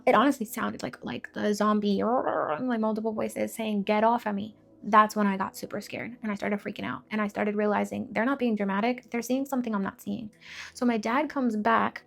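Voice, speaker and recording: A woman's voice: on the high side, gravelly. A woman giving an emotional personal testimony, telling her story vividly with many fillers and restarts. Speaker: testimony speaker.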